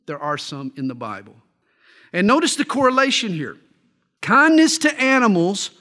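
A man's voice: high-pitched, fairly bright tone. A middle-aged man preaching a sermon, reading Bible verses and telling folksy stories and jokes. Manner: folksy storytelling, tells jokes. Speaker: pastor.

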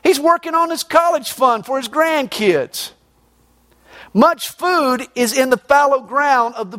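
A man in middle age preaching with emphatic force. His voice sits high for a man, and he moves between loud declarations and low, quiet points. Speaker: pastor. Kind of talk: sermon.

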